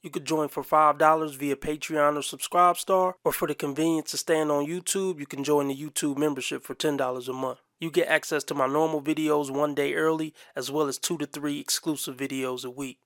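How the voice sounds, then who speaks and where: A man comments on a clip, and his talk is blunt, crude and full of mockery. His voice has a gravelly, fried edge. The sound is dry and close. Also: fairly high pitch, steady tone, brisk, few pauses, a bit bright, no echo. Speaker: commentary host. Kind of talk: reaction commentary.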